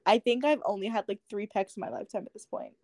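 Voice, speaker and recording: A woman's voice: mid-range voice, quick pace, a little mellow, no room sound. Chatty young woman, dry close mic. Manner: chatty storyteller, acts out dialogue, many "like"s. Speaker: podcast co-host. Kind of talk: casual chat.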